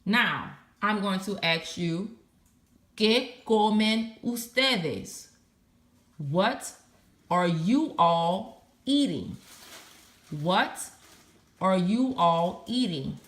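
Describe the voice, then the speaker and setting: A woman's voice: lowish voice, expressive, extremely slow, fairly bright tone, echoey room. A woman teaching a recorded Spanish lesson, patiently spelling out verb endings letter by letter.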